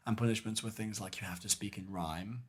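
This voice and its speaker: A man co-hosting a podcast, retelling a live-action game weekend in casual chat, full of fillers and animated asides. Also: fairly low pitch, brisk, husky. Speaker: podcast co-host.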